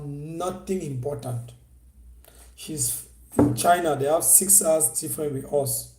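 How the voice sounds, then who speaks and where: Chatty man pitching on a livestream. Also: measured pace, heavy background noise. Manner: repetitive, persuasive, chatty. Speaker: live-stream host and e-commerce coach. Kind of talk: casual live-stream sales talk. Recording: echoey room.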